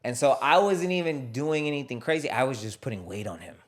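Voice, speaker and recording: A man's voice: mid-range voice, brisk. A man and fighter, a podcast guest, telling a casual story in a parked car. He acts out what people said and often repeats his phrases. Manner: animated storyteller acting out quotes, repeats phrases.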